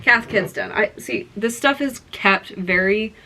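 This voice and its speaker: A young woman vlogging to camera, telling an excited story with gushing exclamations and lots of fillers. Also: medium pitch, a little slow, slight background noise.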